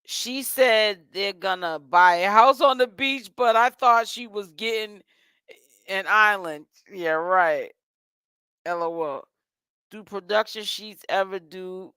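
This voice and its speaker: A woman's voice: mid-range voice, measured pace, pushed and bright, clean tone, no room sound. A woman hosting a casual gossip commentary vlog, sassy and chatty, tired and yawning while she talks. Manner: sassy and chatty, calls listeners honey and child. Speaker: host.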